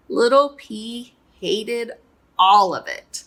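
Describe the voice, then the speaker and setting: A woman running a kids' cooking lesson and reading a children's story aloud with an expressive storyteller's delivery. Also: medium pitch, slow pace, husky. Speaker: cooking and reading teacher for kids.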